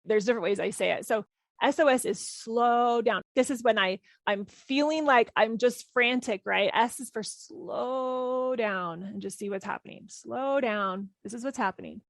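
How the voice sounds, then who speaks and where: A woman in her thirties hosting a parenting podcast, talking calmly and reflectively, gently repeating key phrases. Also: a little high, normal speed, dry recording. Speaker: parenting coach and podcast host. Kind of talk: reflective solo podcast talk.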